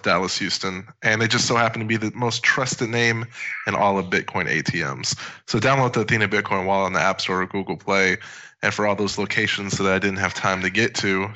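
A man's voice: low-pitched, sharp tone, rough recording. A man hosting a podcast, laid back and joking, reading ads casually. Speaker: podcast host.

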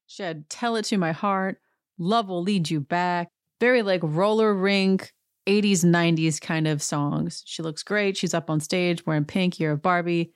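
A woman's voice: on the low side, moderate pace, clean tone, dry recording, clean studio sound. A woman hosting a podcast, giving a chatty and wry recap of a TV episode. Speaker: podcast host. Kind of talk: casual TV recap monologue.

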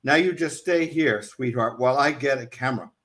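A man's voice: mid-range voice, brisk, a bit bright, close to an everyday voice. A man reading as a shaken young husband. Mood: urgent. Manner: urgent yet reassuring. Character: shaken young husband calming his wife.

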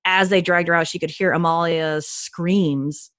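Excited podcast lady, lowish voice, gushing, dry close mic. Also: unhurried, no echo. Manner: enthusiastic, gushing, frequent restarts. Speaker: podcast co-host. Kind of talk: casual podcast chat.

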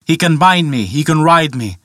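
A weary horse speaks of his hardships in a rueful, resigned way, as a man reads his part. The voice is bright and forceful, a little high, and recorded close and dry. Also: lively intonation, moderate pace, dry recording. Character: tired male horse, resigned and beaten.

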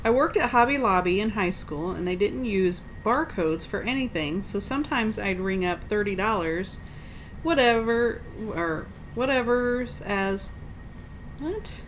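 A woman co-hosting a casual chat, reading funny tweets aloud with a giggly, deliberate delivery. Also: medium pitch, animated, a little hiss or hum, poor audio. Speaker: podcast co-host.

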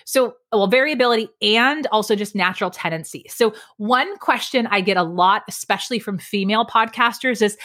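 A middle-aged woman guest on a podcast, explaining speaking tips in an energetic, emphatic way, varying her pace and pitch. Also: brisk, hardly any pauses. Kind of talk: lively podcast interview.

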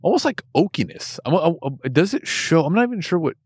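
A man co-hosting a casual whiskey tasting, relaxed and quick to laugh, thinking aloud as he describes the flavors. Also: fairly high pitch, slightly rough, no room sound, studio quality.

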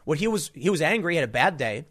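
Guy ranting in a commentary monologue, kinda high voice, stumbles and restarts a lot. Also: big pitch swings, quick pace, fairly bright tone, husky. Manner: emphatic, indignant, storytelling with many restarts. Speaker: political commentator.

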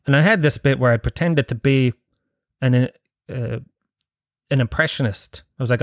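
Swearing comedian, dry close sound. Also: male voice, medium pitch, normal speed, pauses often, no room sound. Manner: profane, self-mocking, builds to punchlines. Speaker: stand-up comedian. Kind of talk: casual storytelling.

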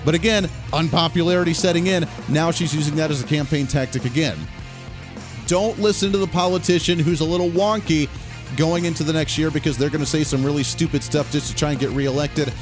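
A man's voice: a little high, a little fast, over music. A man hosting a talk radio show, giving blunt, opinionated, emphatic political commentary from a studio.

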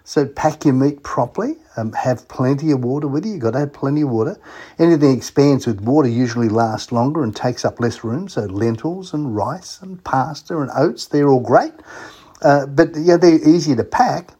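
A man's voice: mid-range voice, expressive, moderate pace, dark tone, slightly rough. A middle-aged man with an Australian accent, hosting a radio show in a chatty, folksy way and asking his listeners questions. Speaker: radio host. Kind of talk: casual radio talk.

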